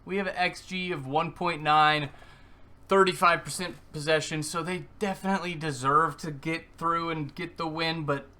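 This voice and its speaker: A man commentating his own football video game match, swinging from calm play-by-play to excited yelling. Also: fairly high pitch, moderate pace. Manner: excitable, screams at goals, then deflated and muttering. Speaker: gaming YouTuber. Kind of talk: live gameplay commentary.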